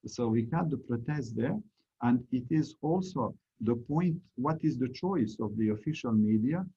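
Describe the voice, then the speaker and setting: A man's voice: mid-range voice, lively intonation, normal speed, dark tone, husky. A middle-aged man, a visiting professor, leading an online discussion on a video call, encouraging and explanatory, with fillers. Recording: dull lo-fi video call audio.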